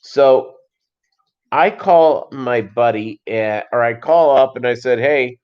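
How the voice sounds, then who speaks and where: A man's voice: mid-range voice, slow pace. Rambling man telling a story, lo-fi. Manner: rambling, loose, with many restarts and asides. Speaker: livestream host.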